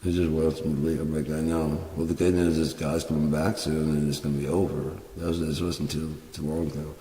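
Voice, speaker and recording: A man rambling and swearing in a casual monologue while high on cannabis. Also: little pitch movement, a little fast, warm tone. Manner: rambling, profane, drawling. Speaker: vlogger. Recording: echoey room, mic far off, faint hiss.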